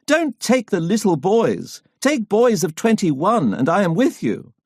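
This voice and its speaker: A man voicing an excitable elderly woman who cries out in protest. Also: high-pitched, measured pace, husky, no room sound, clean studio sound, pitched above the performer's own voice, full character voice. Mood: pleading.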